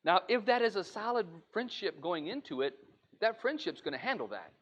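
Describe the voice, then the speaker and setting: A man's voice: sits high, very animated, brisk, fairly bright tone, muffled recording. A man giving an earnest, conversational sermon lesson to a church congregation. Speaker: preacher. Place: church auditorium.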